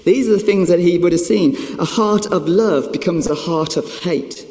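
A man's voice: sits high, moderate pace, a little mellow. A man preaching a sermon, telling a self-mocking story in an emphatic way. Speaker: pastor. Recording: echoey hall with long reverb.

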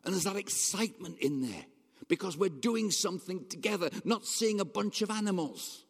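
A man preaching a sermon in a conversational, animated way, asking his congregation rhetorical questions. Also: sits high, moderate pace, breathy edge. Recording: long hall reverb.

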